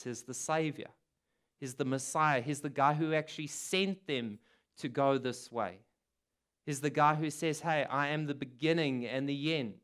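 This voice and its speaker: Earnest male preacher with a clear voice. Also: fairly high pitch, fairly bright tone. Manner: earnest, repetitive preaching with emphatic quotes. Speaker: pastor. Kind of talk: sermon.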